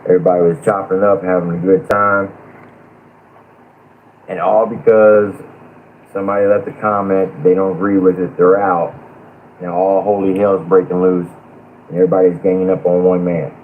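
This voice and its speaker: A man's voice: low voice, flat delivery, normal speed, pauses often, narrow, tinny audio, a little hiss or hum. A man lecturing a live-stream panel in a blunt, profane rant about a community feud.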